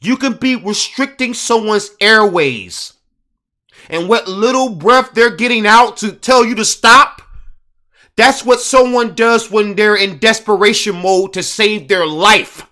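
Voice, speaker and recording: A man with a high, bright voice talks in an indignant, emphatic way, repeating his points for force. Between his arguments he reads passages from an article aloud. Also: a little slow. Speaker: commentator. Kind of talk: casual commentary.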